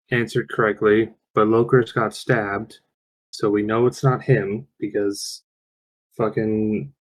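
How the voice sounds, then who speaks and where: A man's voice: mid-range voice, a little mellow, low-quality recording. A man playing a tabletop role-playing game, talking casually, thinking aloud and swearing when things go wrong.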